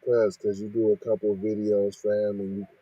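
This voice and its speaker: A man reads out news and keeps cutting in to scold, firing off rhetorical questions. His voice is dark and husky. It is recorded dry and close. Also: lowish voice, completely flat delivery, normal speed, no room sound, dull audio. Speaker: podcast host reacting to news. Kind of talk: reading and ranting commentary.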